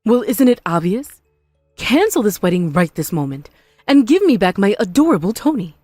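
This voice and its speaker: A woman voicing a spiteful, possessive mother-in-law in an animated story, scornful and melodramatic. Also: medium pitch, normal speed, no room sound, faint music behind. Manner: scornful, melodramatic, self-pitying.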